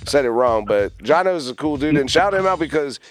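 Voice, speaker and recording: A man's voice: on the high side, fairly quick, faint music behind. A man hosting a radio show, telling stories in casual chat and laughing often. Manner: laughs often, animated storytelling. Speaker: radio host. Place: radio studio.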